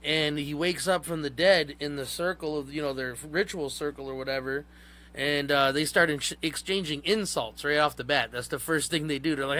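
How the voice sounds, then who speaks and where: A man's voice: on the high side, normal speed, pushed and bright. A man hosting a live show, chatting casually and profanely about books, rambling with many fillers. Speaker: podcast host. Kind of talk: casual livestream talk.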